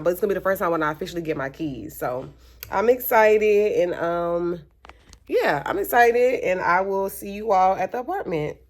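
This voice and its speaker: A young woman, chatting excitedly to her camera in a hotel room and calling her viewers y'all, honey and child. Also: mid-range voice. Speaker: vlogger. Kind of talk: casual vlog talk to camera.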